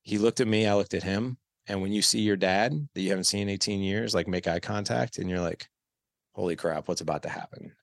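A man's voice: sits low, steady tone, fairly quick, gravelly, no room sound, studio quality. A man in his thirties, a podcast guest, telling a candid personal story and acting out the dialogue. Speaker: podcast guest, parenting coach. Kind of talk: casual storytelling interview.

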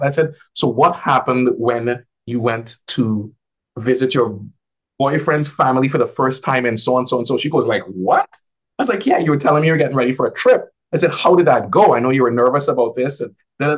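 A man talking casually as a guest on a video call, an advisor who tells animated stories and acts out the dialogue in a lifted voice. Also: medium pitch, fairly quick. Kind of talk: casual conversational storytelling.

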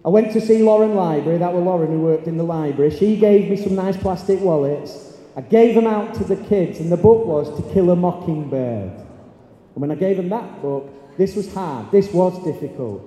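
Animated male teacher in a hall. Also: high voice, moderate pace. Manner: animated, acts out pupils' voices. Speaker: teacher giving a talk. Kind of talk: storytelling speech on stage. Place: large hall or stage. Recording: echoey hall, long reverb.

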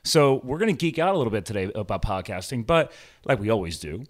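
A man's voice: lowish voice, sing-song, fast. Chatty American man hosting a podcast. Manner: enthusiastic, chatty, laughs often. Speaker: podcast host. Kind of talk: casual interview chat.

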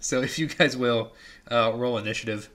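A man's voice: mid-range voice, normal speed, a loud crowd. A man running a tabletop game as game master, narrating with many hesitations and fillers.

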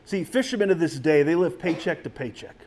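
Guy pastor giving a sermon, chatty, stumbles and restarts a lot, kinda high voice. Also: lively intonation, a little fast, darkish tone, a little hiss or hum. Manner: conversational, with frequent restarts.

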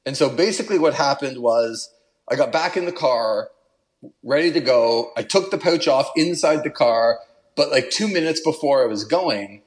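A man's voice: medium pitch, moderate pace. Man telling a travel story animatedly. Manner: animated, laughs while telling, puts on an Italian accent for quotes. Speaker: podcast guest. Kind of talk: casual storytelling.

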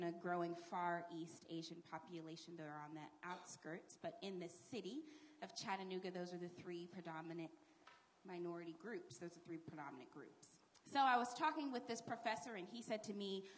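A middle-aged woman talking as a guest on a live panel, telling a story with emphatic asides. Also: fairly low pitch.

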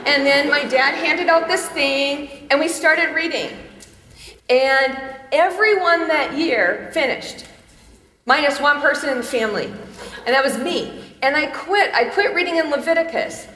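Speaking as a chapel speaker in a big hall, a woman in her fifties tells personal stories, laughing frequently in a chatty, self-mocking way. Her voice sits high, pushed and bright, and she takes her time. Long reverb fills the echoey room.

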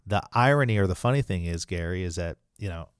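A man with a deep, low-pitched voice talks as an interview guest. He explains his points earnestly and restarts his sentences as he thinks. The recording is dry and close, with no room sound. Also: lively intonation, quick pace, clean tone, no room sound. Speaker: franchise attorney and podcast host.

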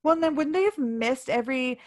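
A woman's voice: high-pitched, lively intonation, a little fast. A woman co-hosting a podcast, chatting casually and frankly about a movie that frustrated her. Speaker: podcast co-host. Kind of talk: casual movie review chat.

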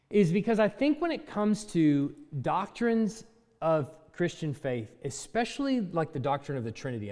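A man teaches a Bible class from slides, speaking conversationally and thinking aloud with fillers and quick self-corrections. His voice is a little high with a dark tone, and the recording has a long reverb tail.

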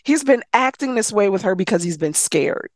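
A woman casually retelling a novel's plot, animated, swearing freely and slipping into quick voices for the characters. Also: mid-range voice, no echo, clean studio sound. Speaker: book recapper.

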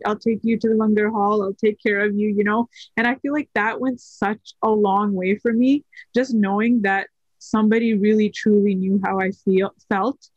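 A woman's voice: mid-range voice, no echo. Woman, thirties, podcast guest; hesitant, filler-heavy storytelling, dry slightly muffled recording. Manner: soft-spoken, hesitant with many fillers. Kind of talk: personal story in casual conversation.

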